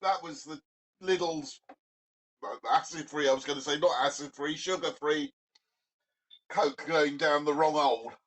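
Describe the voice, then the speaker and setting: An older man speaking as a guest, with dry humour and an understated, matter-of-fact delivery. His voice sits slightly high for a man. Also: steady tone, unhurried, long pauses, fairly bright tone. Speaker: guest on call.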